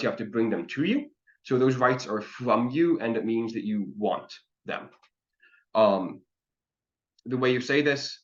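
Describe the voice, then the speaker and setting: A man's voice: medium pitch, fairly bright tone. A man teaching an online language class, explaining patiently step by step with frequent ums. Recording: dull lo-fi call audio.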